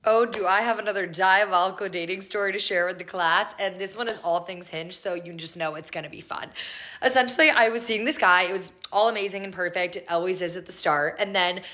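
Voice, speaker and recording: A woman's voice: fairly low pitch, a little fast, bright, forceful tone. A young adult woman telling a dating story to the camera in a chatty, breezy way with many "like" fillers.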